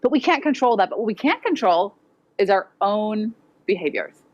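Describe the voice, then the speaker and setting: Clear-spoken woman presenting at a conference. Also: mid-range voice, animated, moderate pace, dull audio. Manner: direct, practical, acts out quoted voices. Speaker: educator presenting. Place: conference hall with audience.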